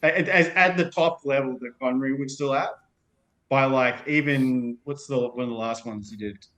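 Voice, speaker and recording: A man with a voice of ordinary pitch talks through movies in a relaxed podcast chat. He thinks out loud, stopping to rephrase and correct himself partway through his sentences. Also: normal speed. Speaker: podcast co-host or guest. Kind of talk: casual film discussion.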